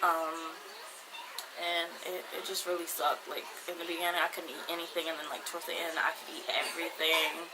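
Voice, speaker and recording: A woman's voice: sits low, little pitch movement, brisk. A woman in her twenties, telling a personal story to her viewers in a casual, rambling way, with many fillers. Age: 20s. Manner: chatty, rambling, heavy use of "like". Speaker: vlogger. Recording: noisy background ambience.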